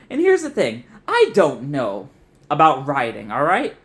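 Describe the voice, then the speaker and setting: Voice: medium pitch, sing-song, normal speed. Profane, frustrated young video essayist ranting. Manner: profane, frustrated, rambling with restarts. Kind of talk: ranting commentary.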